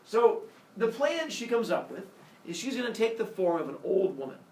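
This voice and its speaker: Animated male teacher telling a story. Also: sits high, normal speed. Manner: animated, playful, acts out characters. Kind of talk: classroom storytelling. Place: classroom. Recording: echoey classroom from far off, faint noise.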